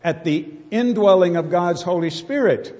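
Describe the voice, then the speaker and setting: A man's voice: high-pitched, mellow, dull audio. Preacher man with a reverberant hall sound. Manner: emphatic, rhetorical questions, slow stresses on key words. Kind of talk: sermon.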